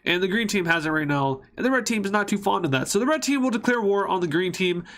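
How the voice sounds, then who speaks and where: A man's voice: sits high, animated, fast, a bit bright. A man casually narrating a map series, rambling and joking, often correcting himself mid-sentence.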